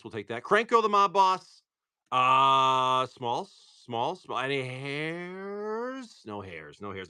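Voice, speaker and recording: A man's voice: mid-range voice, pushed and bright. A man hosting a live stream, opening card packs and upbeat as he thanks viewers by name.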